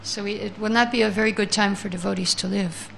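A woman teaching a scripture class who chants verses slowly, then reads the translations and explains them, taking answers from her listeners. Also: mid-range voice, steady tone, gravelly, fairly bright tone, slight background noise.

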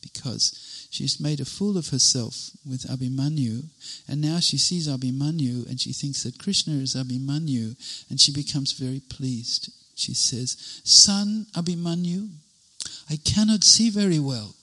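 A man retelling a devotional story in an animated way, linking events with many "and then"s. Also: medium pitch, normal speed, hardly any pauses, slightly rough, low-quality recording.

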